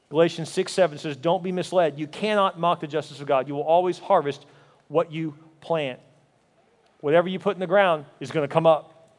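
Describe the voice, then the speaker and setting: A man preaching a sermon as pastor, telling a story and then building up with emphatic repeated rhetorical questions. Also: a little high. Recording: hall reverb.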